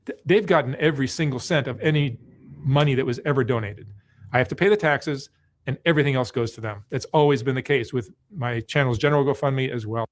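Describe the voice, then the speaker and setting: Male content creator, earnest and measured, mid-pitched voice, explaining to camera. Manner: earnest, measured, self-justifying. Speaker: content creator defending himself.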